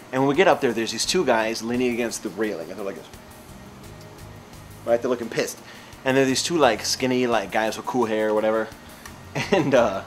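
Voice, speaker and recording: A man casually telling a comic story in an animated, rambling way, with lots of fillers. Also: medium pitch.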